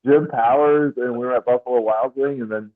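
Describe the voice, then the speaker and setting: A man is a guest on a podcast, recalling old events in a casual, halting way as he searches for details. His voice comes through a thin, phone-like line. The sound is dry, with no room echo. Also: mid-range voice, fairly even intonation. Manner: hesitant, searching memory. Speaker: guest wrestler. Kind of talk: casual interview chat.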